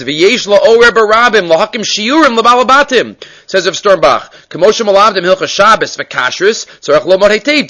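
A man giving a casual Torah class, switching between Hebrew terms and English, with animated emphasis on key points. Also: high voice. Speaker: Torah teacher. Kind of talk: daily Torah class on the mitzvot.

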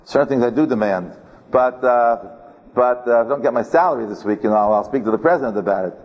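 A man's voice: mid-range voice, quick pace. Rabbi, man, chatty Torah-class storyteller, repeats himself, recorded muffled in a long-echo hall. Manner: chatty, repeats words, chuckles often. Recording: dull recording in a reverberant hall.

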